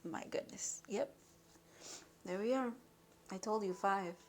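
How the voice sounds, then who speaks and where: A woman giving an intuitive spiritual card reading, emotional and halting, with sighs and restarts. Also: medium pitch, a little hiss or hum.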